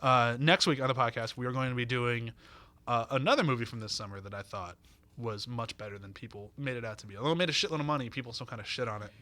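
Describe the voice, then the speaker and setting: A man's voice: mid-range voice, fast, bright, forceful tone, no room sound. A man hosting a movie podcast, rambling and joking with laughs in casual chat. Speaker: podcast host.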